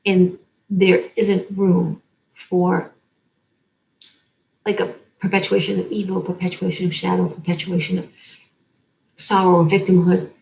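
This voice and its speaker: A woman's voice: fairly low pitch, completely flat delivery, measured pace, gravelly, long pauses, a little mellow, rough recording. A woman giving an oracle card reading in a rambling way, stringing words together in long lists. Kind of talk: spiritual card-reading monologue.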